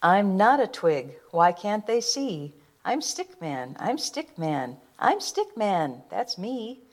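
A woman's voice: mid-range voice, sing-song, slow, darkish tone. A woman voicing a small male stick figure, sing-song and plaintive in his refrain.

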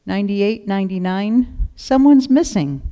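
A reader voicing a tired, kind shepherd and father in a storybook, in a calm fatherly way. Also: medium pitch, unhurried, pitched above the performer's own voice, natural voice. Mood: worried. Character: weary kind male shepherd, father of two sons. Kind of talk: storybook reading.

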